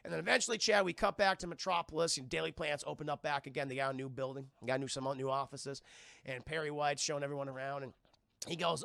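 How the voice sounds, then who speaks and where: Brief: young male streamer, bright gravelly voice, excitable and profane, dry close mic. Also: fairly high pitch, quick pace, no echo. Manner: excitable, profane, acts out scenes in loud yelps. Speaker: film reviewer streaming live. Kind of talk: casual profane film recap.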